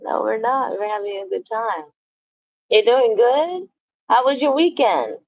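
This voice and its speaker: A woman's voice: on the high side, expressive, unhurried, creaky, lo-fi sound. A woman hosting a casual livestream, greeting and chatting with viewers, laughing often and swearing freely. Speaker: livestream host. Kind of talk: casual livestream chat reading viewer comments.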